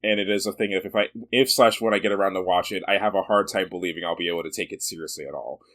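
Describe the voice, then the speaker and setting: A man's voice: low-pitched, fairly even intonation, very fast, fairly bright tone. A man co-hosting a podcast in casual chat, musing with strong opinions and laughing easily. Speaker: podcast co-host.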